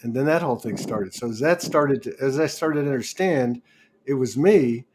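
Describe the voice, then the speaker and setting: A man's voice: medium pitch, normal speed, noisy background. A man hosting a casual spiritual talk show, rambling and restarting as he tells stories and laughs along. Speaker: host.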